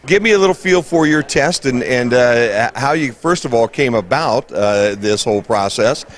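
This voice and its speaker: A man's voice: mid-range voice, expressive, normal speed. A man interviewing people at a science fair in a friendly, chatty way, laughing easily. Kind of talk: casual interview. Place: busy science fair hall.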